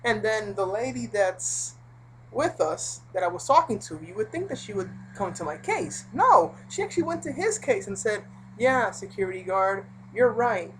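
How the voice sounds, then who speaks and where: A woman's voice: medium pitch, very animated, normal speed, fairly bright tone, a little hiss or hum, low-quality recording. A woman telling a personal story in a casual, rambling vlog, full of fillers and asides. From Puerto Rico. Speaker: vlogger.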